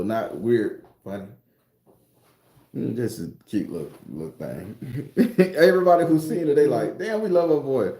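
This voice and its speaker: A man's voice: mid-range voice, dark tone. A man ranting casually to his viewers as a spiritual vlogger, profane, rambling and preachy. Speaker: spiritual tarot reader vlogger. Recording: roomy echo.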